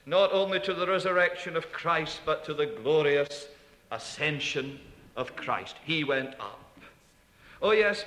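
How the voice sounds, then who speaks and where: A man preaching a sermon, emphatic, repeating key phrases and dropping to hushed asides. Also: sits high. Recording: echoey hall.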